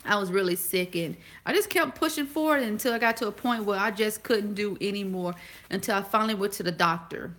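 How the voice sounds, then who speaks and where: Fast-talking woman in her forties. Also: mid-range voice, a bit bright. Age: 40s. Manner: fast-talking, halting, loses her words. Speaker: vlogger. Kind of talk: casual chat to a live audience.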